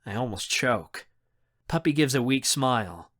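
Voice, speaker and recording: Audiobook narrator, man, first-person, animated pitch, expressive. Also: unhurried.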